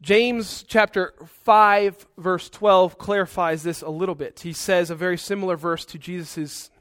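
A man's voice: high-pitched, steady tone, normal speed, dry recording, studio quality. A male pastor preaching a sermon in an earnest, conversational way, with asides.

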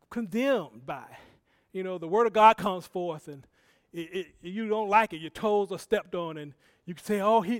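High-voiced male preacher, dry sound. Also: dry recording. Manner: conversational and rambling, with self-corrections and laughs; swings between soft asides and loud exhortation. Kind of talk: sermon.

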